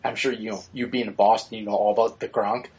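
A man's voice: fairly low pitch, little pitch movement, fast talker, darkish tone, muffled recording. A man co-hosting a podcast in casual, opinionated chat, blunt and swearing freely with rambling asides. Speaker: podcast co-host.

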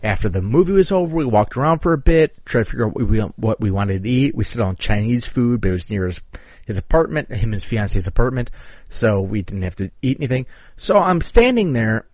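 A man's voice: medium pitch, lively intonation, brisk, darkish tone, no echo. A man co-hosting a podcast, telling a crude story in casual chat, full of swearing and acted-out quotes. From Chicago area. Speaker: podcast co-host. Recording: dull lo-fi audio.

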